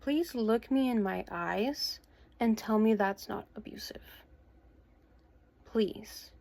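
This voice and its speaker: A woman in her twenties speaking to camera from her bedroom at home, recounting a personal story in a hesitant, earnest way with pauses and restarts. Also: on the high side, creaky, a little mellow. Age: 20s. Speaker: vlogger.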